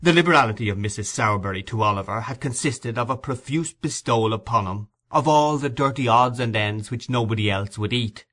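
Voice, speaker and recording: A man narrating a classic novel as an audiobook in a measured storytelling manner. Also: mid-range voice, a bit bright.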